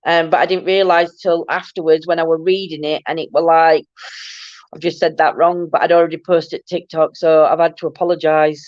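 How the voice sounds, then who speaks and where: A woman's voice: fairly low pitch, no room sound, lo-fi sound. A woman with a broad Barnsley Yorkshire accent, hosting a chatty livestream and laughing often as she reads viewer comments. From Yorkshire, England. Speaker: livestream host. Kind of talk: casual chat reading viewer comments.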